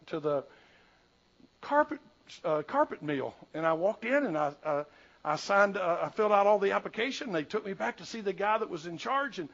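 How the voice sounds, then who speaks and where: An older male pastor preaches with a high, lifted voice, rising to loud pleas and then dropping low to confide. The sound is a little dull and lo-fi, like an old church tape. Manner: folksy storytelling, swings from loud urging to soft confiding. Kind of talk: sermon.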